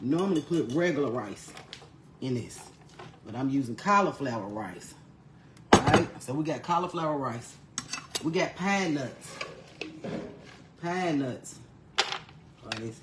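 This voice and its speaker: A woman's voice: a bass voice, expressive, a little slow, pauses often, reverberant, noisy background. Bawdy honey-calling woman cooking on camera. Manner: bawdy storytelling, calls everyone honey, laughs a lot. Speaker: cooking vlogger. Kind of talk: casual cooking vlog chat.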